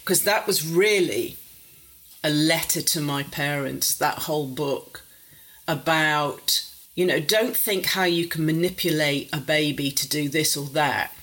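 A woman's voice: low voice, a little slow, fairly bright tone, poor audio. An older woman from near Warrington, a psychotherapist telling wry family stories in a casual interview. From England, near Warrington. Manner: wry, self-mocking, acts out quoted voices. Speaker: interview guest, psychotherapist and author. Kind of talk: casual conversational storytelling.

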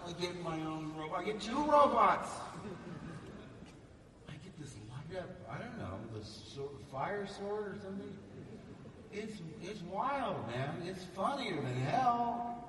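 A man tells stories on stage to a live audience in a fairly high, very animated voice and slips into the voices of other people. He sounds far from the microphone in a big, roomy hall with a long echo. Steady background noise runs underneath. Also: normal speed. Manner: lively, acts out voices of others. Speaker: actor telling stories to an audience.

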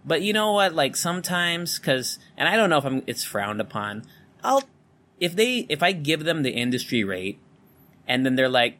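A man's voice: fairly high pitch, big pitch swings, normal speed, pushed and bright. Candid man rambling with a neutral American accent. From Philippines. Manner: candid, rambling, swears freely. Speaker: podcast host. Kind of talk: casual solo podcast monologue. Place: home room with electric fan running. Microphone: studio condenser mic.

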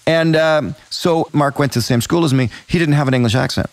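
Chatty host, dry close sound. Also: male voice, fairly high pitch, a little fast, dry recording. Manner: chatty, jumps into anecdotes. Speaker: interview host. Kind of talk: casual interview chat. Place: by Georgian Bay during a thunderstorm.

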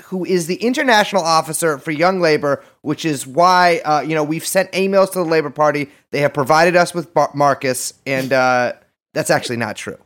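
A man hosting a podcast, chatting casually in an animated, rambling, self-mocking way. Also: fairly high pitch, brisk. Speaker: podcast host.

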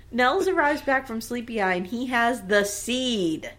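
A woman co-hosting a podcast, casually recapping a TV episode in an animated, playful way. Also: fairly high pitch, takes it slowly. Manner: animated, playful, acts out characters. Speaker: podcast co-host.

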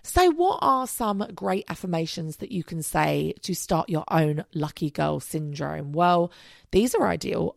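This solo podcast host is a woman in her thirties whose deep, gravelly vocal fry comes across animated yet unhurried. She keeps things casual and upbeat, rambling off track and dropping the occasional swear word. The audio is dry and of studio quality.

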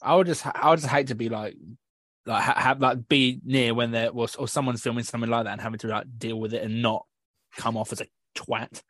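A man's voice: mid-range voice, steady tone, a little fast, fairly bright tone, no room sound. A young man co-hosting a podcast, talking hesitantly and in a self-deprecating way. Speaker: podcast co-host. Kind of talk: casual chat.

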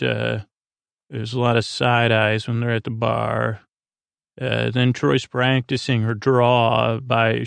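Male host, sleepy recap read; low-key and hesitant, lots of "uh"s, gravelly texture, flat delivery. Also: dry recording. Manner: halting, filler-heavy, low-key mumbling. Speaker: podcast host. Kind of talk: casual episode recap for sleep.

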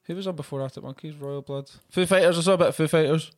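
A man's voice: on the high side, racing, a little mellow, no room sound, studio quality, soft background music. A man in a casual podcast chat who laughs often and keeps the talk playful.

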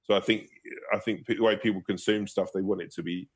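Guy rambling thru funny stories, low voice, swears loads. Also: fairly even intonation, fairly quick, husky. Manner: rambling storyteller, swears a lot, laughs through anecdotes. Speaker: guest comedian and actor. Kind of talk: casual interview chat.

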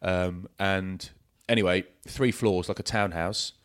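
Man, very low voice, casual podcast chat, rambling storyteller. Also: fairly even intonation, unhurried, smooth. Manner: rambling anecdotes with many fillers and restarts. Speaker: podcast co-host.

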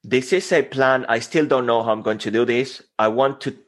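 A man's voice: mid-range voice, moderate pace, fairly bright tone. A man whose first language is Spanish, speaking earnestly as a motivational guest in a podcast interview. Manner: earnest, motivational, self-deprecating.

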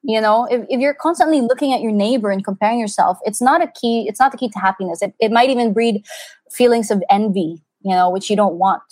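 A woman, a mother, speaks as an interview guest, telling stories in an earnest, animated way with many fillers. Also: fairly high pitch, fast talker, no echo. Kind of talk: casual conversational interview.

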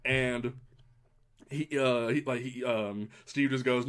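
A man talking in a casual podcast chat, mid-pitched and rambling. He gets excitable and keeps restarting his sentences. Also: takes it slowly, clean tone. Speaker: podcast host.

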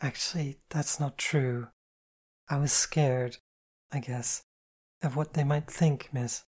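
An audiobook reader voicing a shy, polite young woman who speaks softly and apologetically, in a storybook reading. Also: medium pitch, steady tone, takes it slowly, slightly rough. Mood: shy, apologetic. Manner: soft-spoken and apologetic.

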